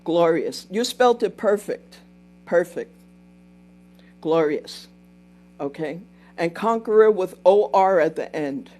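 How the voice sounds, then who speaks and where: A woman's voice: on the low side, animated, slow, pauses often, warm tone. An older woman hosting a casual livestream, telling a story in a chatty way, repeating herself and breaking off to thank and answer viewers. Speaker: livestream host.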